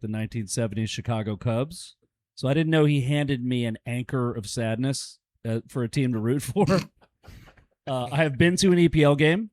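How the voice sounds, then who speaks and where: A man's voice: mid-range voice, darkish tone, no echo. Man, 40s, laid-back storyteller, dry close mic. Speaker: podcast guest. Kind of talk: casual podcast chat.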